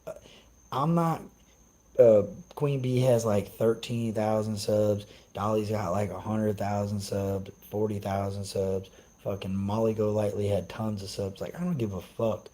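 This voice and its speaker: A man's voice: fairly low pitch, steady tone, a little slow, dark tone, poor audio. Brash profane man ranting on stream. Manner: profane, brash, trash-talking. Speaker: streamer reacting to chat. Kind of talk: casual live-stream rant.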